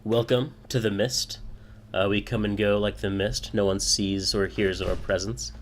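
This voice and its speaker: A man's voice: lowish voice, little pitch movement, normal speed, slight background noise, lightly acted. A man voicing a pompous, boisterous male thieves' guild boss in a tabletop game, speaking in a formal, grand manner. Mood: welcoming.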